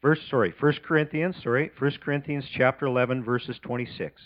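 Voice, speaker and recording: A man giving an earnest, halting address to a church congregation before communion. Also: mid-range voice, steady tone, lo-fi sound. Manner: earnest, halting, many restarts. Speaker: church leader leading communion.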